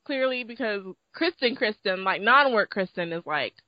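A woman's voice: medium pitch, expressive, normal speed, no echo, lo-fi sound. A woman co-hosting a casual chat, giggly and talkative, with lots of "like" fillers. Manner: giggly, chatty, many fillers like "like". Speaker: podcast co-host.

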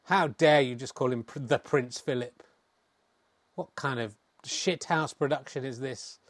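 A man's voice: medium pitch, measured pace, no echo, pitched below the performer's own voice, close to an everyday voice. A man voicing a pompous royalist commentator who scolds indignantly and stumbles over titles.

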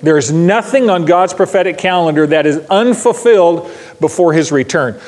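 Man preaching in a church, emphatic and repetitive, fairly high voice, long hall echo. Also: lively intonation, normal speed, a little mellow. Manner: emphatic, repeats key lines for stress. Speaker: pastor. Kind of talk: sermon.

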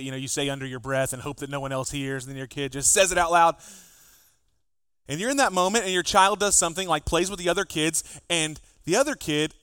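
Lively, higher-voiced man preaching. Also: smooth, no room sound, clean studio sound. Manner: animated, acts out dialogue with his kids. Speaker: pastor. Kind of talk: sermon.

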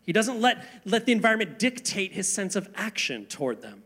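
A man preaching a sermon, earnest, asking rhetorical questions and slowing down for emphasis. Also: high-pitched, very animated, bright, forceful tone, breathy edge. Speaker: pastor.

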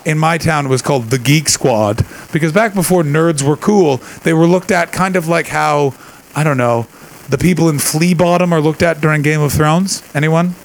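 Gravelly stand-up comic working a crowd. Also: male voice, on the high side, moderate pace, poor audio. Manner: gravelly, shouts impressions of angry people. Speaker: stand-up comedian. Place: live comedy venue.

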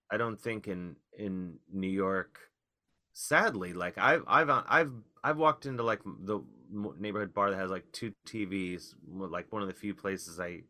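A man, a comedian guest, telling rambling, wry stories in casual podcast chat with animated outbursts. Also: deep voice.

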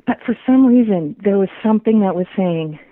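Woman guest on a phone line, animated storyteller. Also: mid-range voice, brisk, no echo. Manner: animated, laughs often, repeats words. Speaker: guest telling a personal story. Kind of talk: casual storytelling. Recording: tinny dry phone line.

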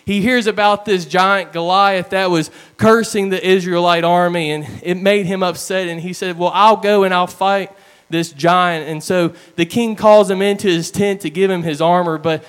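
A man delivers a sermon in a fairly high, smooth and clear voice. He tells his stories in an earnest, plain way, sometimes slowing down for weight. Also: steady tone, a bit bright. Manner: earnest storytelling with plain retellings. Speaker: preacher.

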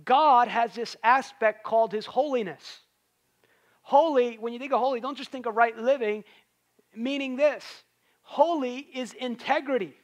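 Man, preacher, high voice, conversational sermon, emphatic bursts. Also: a little slow.

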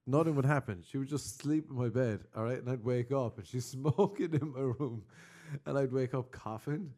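A young Irish man chats casually, telling animated stories, laughing a lot and swearing casually. He has a mid-range voice and a moderate pace.

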